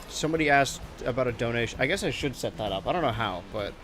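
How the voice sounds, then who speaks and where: A man's voice: medium pitch, expressive, quick pace, few pauses, fairly bright tone. A man streaming a video game from a room at home, chatting casually in a rambling, jokey way. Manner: rambling, goofy, jokey asides. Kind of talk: casual live-stream gameplay commentary. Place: home room with a low ceiling and bright ceiling lights.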